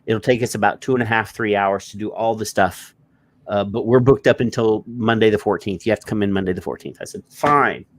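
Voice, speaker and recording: A man's voice: fairly low pitch, brisk. A man telling a story in casual podcast chat, acting out what people said and swearing when annoyed. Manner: animated storyteller, acts out quotes, swears. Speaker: co-host.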